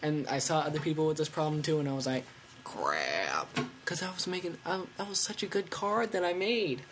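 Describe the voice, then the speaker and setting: A fifteen-year-old boy hosting a casual tech podcast from home, rambling and excitable with lots of fillers. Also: a little high, fast, slight background noise. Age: teens. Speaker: podcast host.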